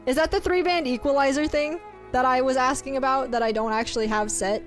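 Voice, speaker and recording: Giggly high-voiced woman streamer. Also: steady tone, brisk, soft background music. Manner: giggly, chatty, reads chat aloud. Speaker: streamer chatting with chat. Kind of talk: casual live-stream chat.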